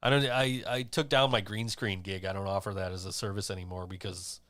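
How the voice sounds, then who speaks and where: A man's voice: deep voice, steady tone, fairly quick, a bit bright, dry recording, studio quality. A man hosting a podcast in casual chat, rambling and swearing, laughing often. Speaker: podcast host.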